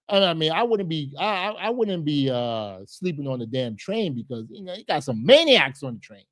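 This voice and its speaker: A man hosting a live stream, reacting to a news clip with emotional, repetitive commentary, at times hushed and at times loud. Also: a little high, lively intonation, moderate pace, few pauses, no echo, studio quality. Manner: emotional, repeats words, swings from hushed to loud.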